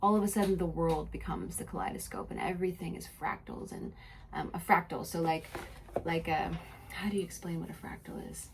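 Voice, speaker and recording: A young adult woman hosting a podcast, telling a personal story in a soft, introspective voice that moves between spoken narration and casual chat. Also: on the low side, expressive, brisk, vocal fry, a little hiss or hum. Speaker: podcast host.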